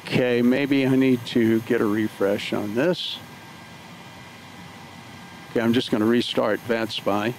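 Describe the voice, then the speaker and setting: A man's voice: medium pitch, steady tone, unhurried, long pauses, slight background noise, low-quality recording. A man livestreaming from his home flight sim setup, talking casually through each step with lots of filler words. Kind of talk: casual live play-by-play narration.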